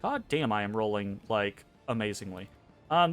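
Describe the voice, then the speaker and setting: A man's voice: fairly low pitch, moderate pace, faint music behind. A man running a tabletop game as game master, narrating animatedly with frequent ums and swearing. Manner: animated, profane, lots of ums.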